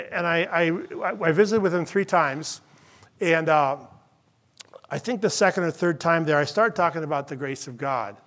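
A man who is a pastor, preaching a sermon with earnest storytelling that drops to a hush in tender moments. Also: fairly high pitch, moderate pace.

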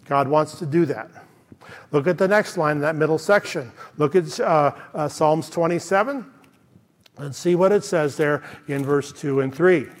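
Earnest high-voiced preacher in a reverberant hall. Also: male voice, moderate pace. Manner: earnest, emphatic preaching with rising passion. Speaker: pastor. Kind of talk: sermon.

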